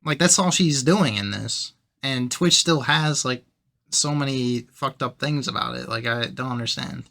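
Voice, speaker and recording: A man's voice: medium pitch, a little slow, vocal fry, bright, forceful tone. A man hosting a reaction show, commenting bluntly and mockingly on a debate clip and swearing freely.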